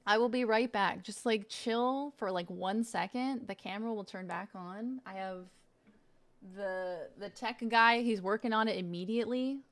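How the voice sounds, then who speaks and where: Casual woman streamer, mid-pitched, playful banter with frequent swearing. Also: moderate pace. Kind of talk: casual live-stream chat.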